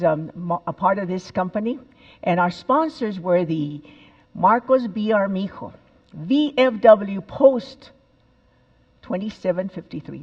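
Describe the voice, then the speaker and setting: A woman's voice: lowish voice, a little mellow, muffled recording. A woman in her seventies, from El Paso, giving a storytelling talk and repeating phrases for emphasis. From El Paso, Texas. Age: 70s.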